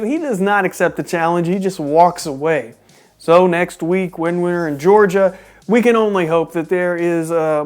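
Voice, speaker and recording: With a medium-pitched voice, a Texan reviewer gives a laid-back rundown of a wrestling show. His commentary is animated and incredulous, full of joking asides.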